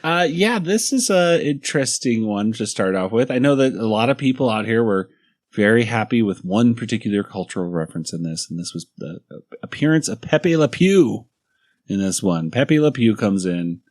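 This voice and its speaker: A man's voice: on the low side, animated, moderate pace, a little mellow, dry recording, clean studio sound. A man hosting a podcast in an easygoing way, leading the segment and cracking jokes. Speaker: podcast host. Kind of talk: casual podcast chat.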